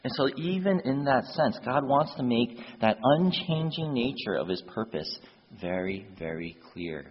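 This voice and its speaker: A man's voice: mid-range voice, expressive, unhurried, husky. A man preaching a sermon, telling a story and then building to urgent appeals to his listeners. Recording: dull echoey hall.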